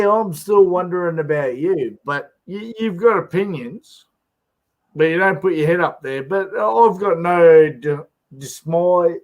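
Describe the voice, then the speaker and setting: A man's voice: on the high side, poor audio. Blunt man in a stream chat. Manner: blunt, swears, talks in halting bursts. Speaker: live stream panelist. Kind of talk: casual chat on a live stream.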